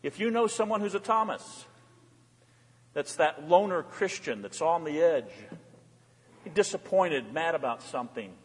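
A male pastor preaching an animated sermon, swinging between hushed asides and loud exclamations. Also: fairly high pitch, measured pace, pauses often, husky. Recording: long hall reverb.

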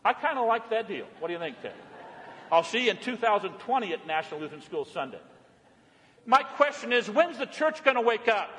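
A male preacher with a high, ringing voice delivers a sermon in a church. He moves from loud, emphatic calls down to soft, hushed tones. His voice carries a long reverb through the hall. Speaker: pastor.

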